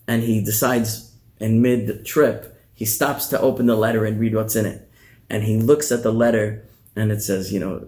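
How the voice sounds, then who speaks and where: Animated storytelling male rabbi. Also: fairly low pitch. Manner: animated, conversational, repeats words. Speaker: rabbi teaching a class. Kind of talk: storytelling in a lecture.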